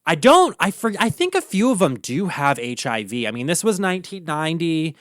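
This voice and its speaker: A man's voice: fairly high pitch, very animated, fairly quick, fairly bright tone, slight background noise. A man with a Baltimore accent, a drag queen host ranting casually, campy and profane with lots of filler words. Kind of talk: casual solo rant.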